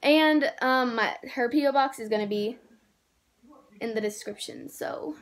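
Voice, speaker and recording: A woman's voice: a little high, a little slow. A young woman, gushing over toys in a casual vlog and saying "like" and "oh my gosh" a lot. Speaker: vlogger. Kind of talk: excited haul vlog.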